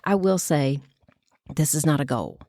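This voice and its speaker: A woman's voice: sits low, lively intonation, measured pace, darkish tone, no echo, studio quality. A middle-aged woman co-hosting a podcast, chatting casually, laughing often and slipping into playful put-on voices. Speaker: podcast co-host. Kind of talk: casual chat.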